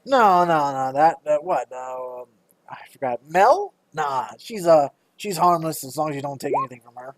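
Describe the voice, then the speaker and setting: A man's voice: a little high, sing-song, moderate pace, no echo. A young man narrating as game master of a tabletop game, rambling loosely with frequent hesitations.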